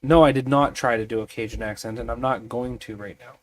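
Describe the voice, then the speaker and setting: A sleepy man thinking aloud in a halting, musing way as he rolls on tables to design a tabletop mystery. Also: medium pitch, fairly even intonation. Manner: musing, halting, many fillers.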